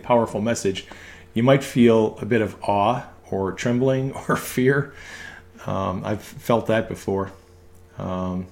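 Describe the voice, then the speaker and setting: Halting man giving a faith talk. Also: mid-range voice, a little mellow. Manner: halting, frequent ums and restarts. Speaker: ambulance medic speaking on faith. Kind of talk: casual religious teaching monologue.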